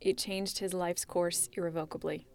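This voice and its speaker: A woman narrating a documentary story in a scripted, clear and measured way. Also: fairly low pitch, level tone, darkish tone.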